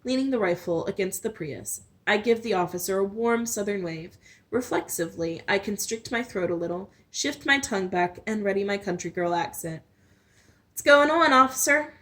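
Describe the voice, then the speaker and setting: A woman's voice: mid-range voice, normal speed. A woman reading a novel aloud in first person, with small slips and restarts. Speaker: storyteller.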